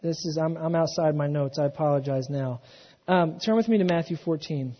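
A man's voice: a little high, fairly quick. A man preaching a sermon off his notes, restarting phrases and building emphasis as he goes. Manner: unscripted, restarts, rising emphatic delivery. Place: church. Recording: dull, echoing church hall.

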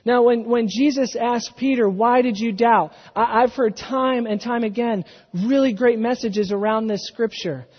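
High-voiced male preacher in a hall. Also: unhurried, husky. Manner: unscripted, restarts, rising emphatic delivery. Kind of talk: sermon. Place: church. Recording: dull, echoing church hall.

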